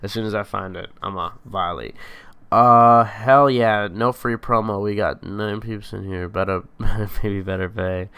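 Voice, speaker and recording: A young man with a lowish, bright, crisp voice chatters through a casual live stream. He rambles loosely, full of slang and swearing, drifting between topics as he clicks around. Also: normal speed.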